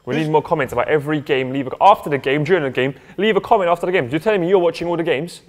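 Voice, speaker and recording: A man's voice: fairly high pitch, rapid-fire, a little mellow, big-room sound. A young man co-hosting a casual chat, bantering and joking as he reads out viewer posts. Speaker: co-host.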